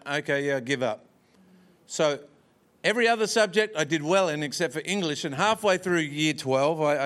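A man's voice: fairly high pitch, fairly bright tone. Man, church preacher, storytelling sermon, self-deprecating jokes, chuckling asides.

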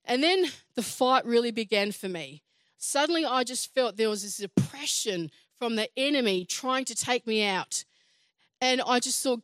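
A woman delivers a sermon in a high voice, earnest and building to emphatic scripture readings. The sound is close and dry, with no room around it. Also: animated, moderate pace, fairly bright tone, no room sound. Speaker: preacher.

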